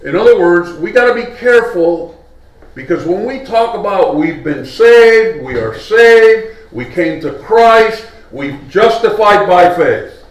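Male preacher, sermon, slow and conversational, echoey hall from far off. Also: high voice, animated. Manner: conversational, asks the congregation questions. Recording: echoey hall, mic at a distance.

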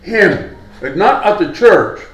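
A man's voice: high-pitched, big pitch swings, slow. A male preacher giving a sermon in a conversational way, putting questions to his congregation. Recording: echoey hall, mic at a distance.

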